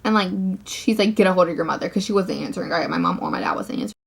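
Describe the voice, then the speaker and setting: A woman's voice: on the low side, very fast, vocal fry, slightly rough. A teenage girl vlogger telling a storytime rant, swearing often and saying "like" constantly. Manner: ranting, profane, filler-heavy.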